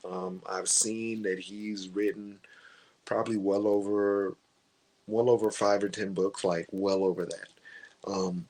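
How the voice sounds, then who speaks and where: Low-voiced chatty man reviewing books. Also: rough recording. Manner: chatty, rambling, stops to hunt for names. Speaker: book reviewer. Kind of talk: casual book review vlog.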